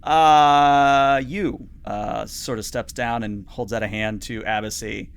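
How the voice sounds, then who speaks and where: A man's voice: medium pitch, fairly even intonation, slow, hardly any pauses, a little hiss or hum. A man narrating as game master of a tabletop game, chatty and full of fillers.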